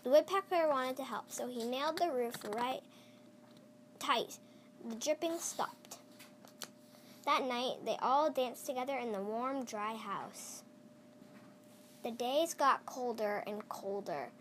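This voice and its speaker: A child reading a picture book aloud, slowly and with small stumbles and restarts. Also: medium pitch, fairly bright tone, slight background noise. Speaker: storyteller.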